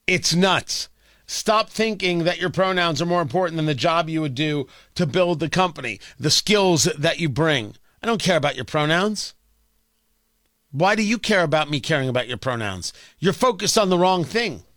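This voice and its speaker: A man's voice: fairly high pitch, expressive, moderate pace, fairly bright tone, no room sound, clean studio sound. A male talk radio host delivering a sarcastic, ranting opinion monologue.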